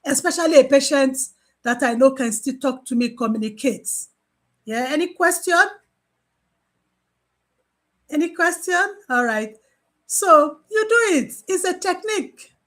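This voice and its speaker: A woman gives an informal training talk as a mental health nurse. She is animated, repeats key phrases for emphasis, and acts out her exchanges with patients. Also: high-pitched, a little slow, long pauses.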